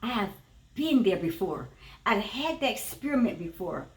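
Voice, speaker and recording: A woman's voice: medium pitch, very animated, normal speed, a little mellow. A woman, a teacher and former preacher, giving a personal spiritual testimony in an earnest, emphatic way, often repeating her phrases. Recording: roomy echo, voice from a distance.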